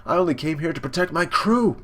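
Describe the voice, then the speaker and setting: A man's voice: fairly high pitch, lively intonation, fairly quick, a bit bright, voice pushed up. A man voicing a defiant, hot-tempered young fighting cook while retelling a cartoon scene.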